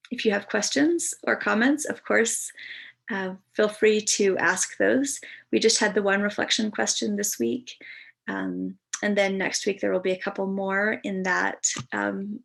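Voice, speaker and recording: A woman instructor gives a recorded class lecture in a loose, chatty way. She fills her pauses with ums and often restarts her words. Her voice carries a gravelly fry. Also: medium pitch, fairly bright tone.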